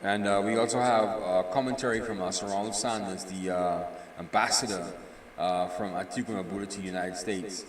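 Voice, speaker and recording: A tired man giving casual, opinionated news commentary on a live stream, rambling with filler pauses. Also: on the low side, fairly even intonation, a little hiss or hum. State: tired, yawning. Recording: roomy echo, distant mic.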